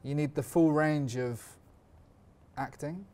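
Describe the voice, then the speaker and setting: A man playing a deadpan, self-assured acting coach in a comedy sketch, talking in short clipped lines. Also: a little high, slow.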